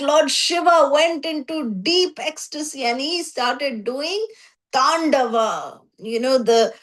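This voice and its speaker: High-voiced woman telling a sacred story. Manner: animated storytelling, acting out voices; frequent 'you know' fillers. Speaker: spiritual class teacher. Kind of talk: scripture storytelling class.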